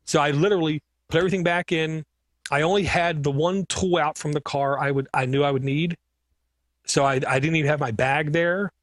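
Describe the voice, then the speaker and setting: A man's voice: a little high, fairly quick, no echo. A man who runs a computer repair business, chatting casually on a podcast and acting out his customers in his stories. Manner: animated storyteller, acts out customer dialogue.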